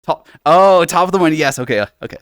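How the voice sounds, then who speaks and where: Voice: medium pitch, animated, fast, a bit bright, clean tone, no room sound, studio quality. A live streamer chatting casually while exploring, rambling and self-deprecating.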